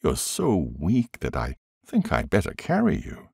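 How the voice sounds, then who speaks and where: A man voicing a gentle, patient man who speaks kindly and reassuringly. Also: sits low, huge pitch swings, unhurried, vocal fry, slightly rough, no echo, clean studio sound, exaggerated voice. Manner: gentle, kind. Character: gentle patient man, brother-in-law spirit.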